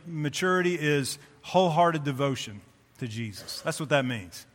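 A man preaching a sermon to his congregation. He stresses key phrases by repeating them and reads scripture slowly. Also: fairly high pitch. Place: church sanctuary. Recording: long reverb of a church hall.

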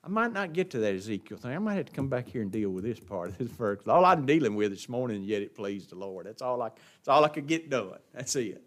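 A man preaching a sermon, swinging between loud emphatic stresses and quiet asides, often asking the congregation questions. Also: medium pitch, big pitch swings, fairly quick, few pauses.

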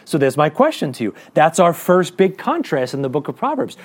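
A man preaching a sermon to a congregation, asking rhetorical questions and reading scripture slowly and deliberately. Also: a little high, sing-song, husky. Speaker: pastor.

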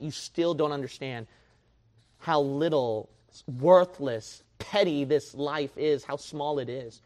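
A man preaching a sermon to his church, dropping to a hush and then rising to a shout as he mocks his listeners' excuses. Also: fairly high pitch. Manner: swings from hushed to shouting, mocks excuses in whiny voice.

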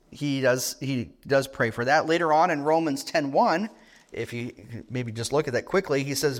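A man's voice: a little high, expressive, measured pace. A middle-aged man preaching a sermon in an earnest tone, asking rhetorical questions and restarting his phrases.

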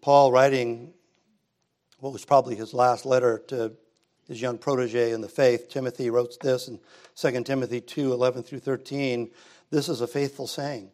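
A middle-aged man delivers a sermon to his congregation. His voice sits at an ordinary pitch for a man. His preaching is relaxed and conversational, rising to emphatic passages. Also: moderate pace. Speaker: pastor. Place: church sanctuary.

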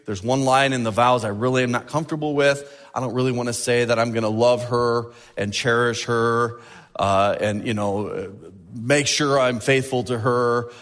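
Brief: preacher putting on a sheepish young groom, hesitant and halting, a touch lower than his own voice, in a big reverberant hall. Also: steady tone, a bit bright, close to an everyday voice.

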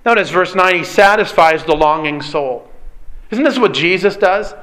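A man's voice: high-pitched, moderate pace, pushed and bright. A middle-aged man preaching a sermon as pastor, earnest and pleading, often asking rhetorical questions.

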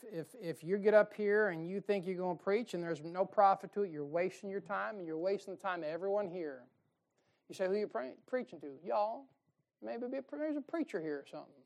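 A man preaching a fiery sermon from a church pulpit, folksy and emphatic. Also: high voice. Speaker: pastor. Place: church sanctuary.

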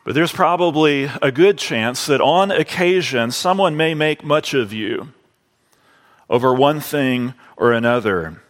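A man preaching a sermon to his congregation, drawing out key phrases slowly and deliberately. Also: medium pitch, expressive, long reverb tail.

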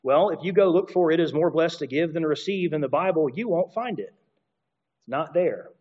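A man's voice: fairly high pitch, animated, fairly quick, slightly rough, highs cut off. Man preaching a conversational sermon. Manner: conversational teaching with asides and repeated points. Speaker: pastor.

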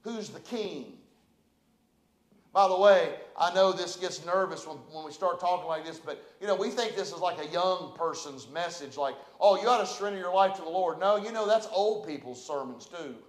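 Pastor preaching, voice sits high, big echoey church room. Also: male voice, normal speed. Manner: preaching, builds from quiet to loud passionate calls. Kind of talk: sermon. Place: church sanctuary.

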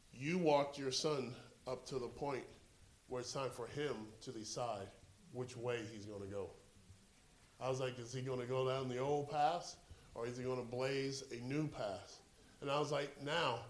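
A man's voice: mid-range voice, roomy sound. A man preaching with a Southern US accent, praying earnestly and then telling a story from the pulpit. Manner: earnest, builds to excited animated storytelling. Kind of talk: sermon with prayer and storytelling.

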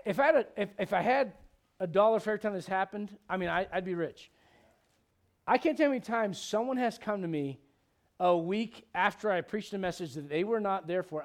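A middle-aged man pastor preaching a midweek Bible study sermon, animated and conversational, with joking asides to the congregation. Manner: animated preaching, bursts of high-pitched emphasis, quick asides.

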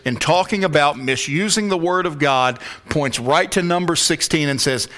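A male pastor preaching an expository sermon, emphatic, sometimes dropping to a hushed whisper for stress. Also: a little high, moderate pace, hardly any pauses.

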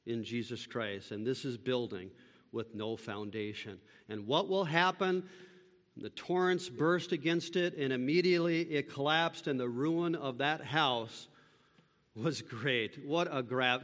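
A man preaching a sermon, building from steady teaching to loud, impassioned pleading. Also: mid-range voice, big-room sound. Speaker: pastor.

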